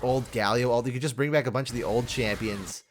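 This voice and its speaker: Rambling, halting young man gaming host. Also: medium pitch, slight background noise. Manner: rambling, halting, with many repeated restarts. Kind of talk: casual game commentary.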